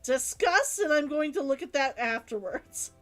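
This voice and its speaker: A woman's voice: high-pitched, lively intonation, moderate pace, a bit bright, faint music behind. A woman streamer chatting casually on a live stream, musing aloud and reading out chat comments.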